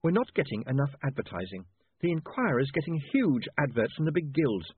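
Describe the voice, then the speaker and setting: A man voicing a sharp-tongued young woman reporter who scolds in a raised voice, husky and tinny. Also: mid-range voice, big pitch swings, a little fast, no room sound. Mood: insistent. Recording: tinny dry lo-fi audiobook recording.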